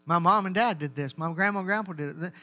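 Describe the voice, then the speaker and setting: A man's voice: high-pitched, quick pace, sharp tone. A man voicing a stubborn traditional husband who objects to the preacher. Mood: protesting.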